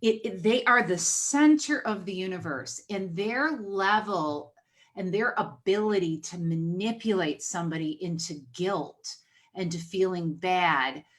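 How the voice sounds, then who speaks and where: A woman's voice: lowish voice, unhurried. A woman hosting a podcast, telling stories in a casual chat and acting out the dialogue she quotes. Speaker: podcast host.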